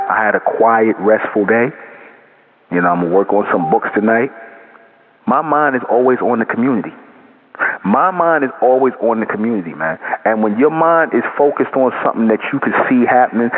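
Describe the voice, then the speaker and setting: A man giving an impassioned, profane spoken monologue to his channel's audience, repeating his points and often ending lines with "man". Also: mid-range voice. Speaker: channel host. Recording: tinny phone-like audio with long reverb.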